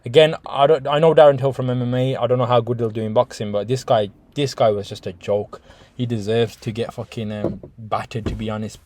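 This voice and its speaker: A man's voice: mid-range voice, steady tone, a little fast, darkish tone. A man hosting a casual reaction video, swearing constantly, rambling through restarts and calling his viewers guys.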